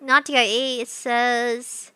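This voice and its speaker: A woman's voice: a little high, flat delivery, very slow, sharp tone, clean tone, no echo. A young woman streaming live, chatting casually with her chat. She talks in a bubbly, scatterbrained, giggly way.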